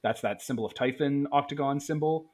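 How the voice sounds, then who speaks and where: A man's voice: medium pitch, brisk. A man playing a tabletop game who chats casually and helps organize the group. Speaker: player.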